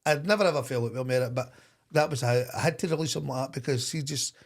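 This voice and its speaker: A middle-aged Scottish man, a former football manager, telling stories in a lively way with frequent laughs. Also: mid-range voice, fast talker. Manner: animated, laughing anecdote-teller. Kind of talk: storytelling in podcast chat.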